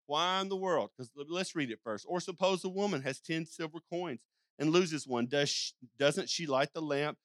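A man's voice: a little high, normal speed, a bit bright, dry recording. An older man preaching a sermon in a folksy, rambling storytelling way, acting out calls and sheep sounds with frequent restarts and asides. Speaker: pastor.

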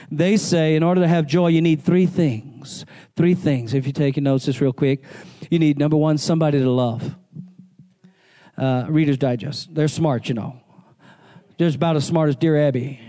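A man preaching a sermon in a church service. He calls out to the congregation, mixes in jokey asides and builds up to shouting. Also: fairly high pitch. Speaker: pastor.

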